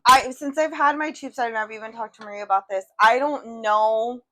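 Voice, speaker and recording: A woman's voice: on the high side, fairly quick, sharp tone, a little hiss or hum. A woman co-hosting a podcast, talking bluntly and swearing freely in casual chat. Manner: blunt, profane, outspoken. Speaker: podcast co-host.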